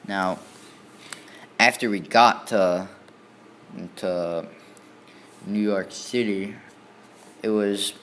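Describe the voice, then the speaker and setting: A man's voice: fairly low pitch, extremely slow, long pauses, a bit bright, a little hiss or hum. A man casually telling a story in the first person, rambling with many restarts and repeated fillers. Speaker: student storyteller.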